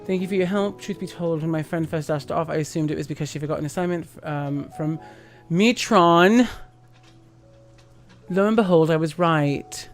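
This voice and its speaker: A man's voice: on the high side, moderate pace, soft background music, natural voice. A man reading as a polite young woman scholar. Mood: earnest. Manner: reading game dialogue aloud, stumbling on names.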